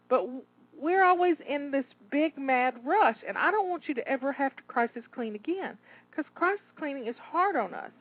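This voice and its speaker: A woman's voice: on the high side, no room sound. A woman coaching listeners through a timed cleaning session, rallying and encouraging them, a bit out of breath. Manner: encouraging, rallying, repeats herself. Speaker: home organizing coach. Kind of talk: live cleaning coaching talk. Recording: tinny phone-like dry audio.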